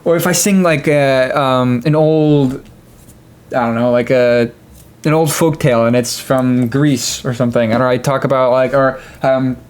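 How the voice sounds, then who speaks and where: A man's voice: mid-range voice, steady tone, unhurried, clean tone. A young man ranting casually to his viewers, full of fillers, restarts and laughing asides. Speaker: gaming video creator. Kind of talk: casual rant to camera.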